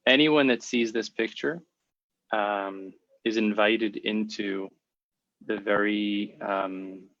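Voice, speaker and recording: Host, man, speech therapist, measured and thoughtful, muffled lo-fi sound. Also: on the low side, fairly even intonation, fairly bright tone, no echo. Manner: thoughtful, measured, stretches words to stress a point. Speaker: podcast host, speech-language pathologist. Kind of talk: interview conversation. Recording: slightly dull lo-fi sound.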